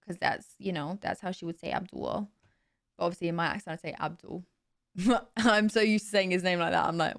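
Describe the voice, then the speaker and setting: A woman's voice: on the low side, a little fast, creaky. A young woman with a Southern English accent, chatting casually on a live stream and answering questions from chat on a desk mic at home. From south of England. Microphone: desk mic with noise gate.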